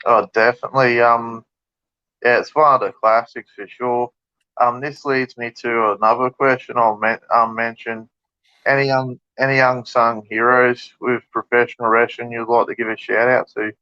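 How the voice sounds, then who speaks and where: Flat, bright-toned interview host man. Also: mid-range voice, moderate pace, no echo. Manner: easygoing, hesitant fillers. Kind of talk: casual interview questions. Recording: dull, dry lo-fi sound.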